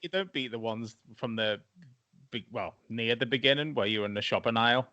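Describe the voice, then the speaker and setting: A man co-hosting a podcast, joking with quick asides in casual chat. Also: medium pitch, sharp tone, highs cut off. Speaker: podcast co-host.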